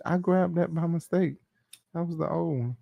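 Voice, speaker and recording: Male host for loose gossip commentary: blunt, swears freely, slightly high-pitched, dry and close. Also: steady tone, normal speed, creaky, no room sound, lo-fi sound. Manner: profane, blunt and opinionated.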